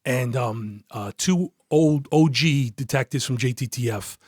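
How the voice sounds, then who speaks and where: A man, a retired detective as a podcast guest, telling a story in a casual, profane, animated way. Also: mid-range voice, measured pace, no room sound, studio quality. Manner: profane, animated, acts out quoted voices.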